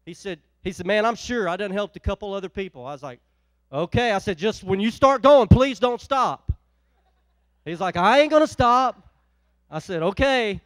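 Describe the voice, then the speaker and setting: A male pastor preaching a sermon, telling a folksy story and swinging from loud exhortation to quiet, chatty asides. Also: sits high, expressive, normal speed, dry recording. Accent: Northeast Ohio.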